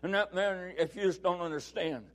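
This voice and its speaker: An older man from the States, a pastor telling a personal story and then preaching a fervent sermon that rises to shouting. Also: sits high, normal speed.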